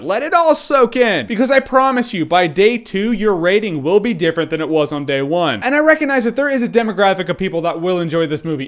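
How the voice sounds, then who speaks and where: A young man reviewing a film in a casual, slangy, animated way, often acting out quick quotes. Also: high voice. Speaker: movie reviewer.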